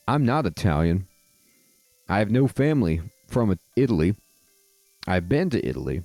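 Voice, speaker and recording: Brief: male let's play host, low and gravelly, unhurried, lively wry delivery. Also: dry recording, soft background music. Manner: wry, amused asides. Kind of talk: casual gameplay commentary. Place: home gaming setup.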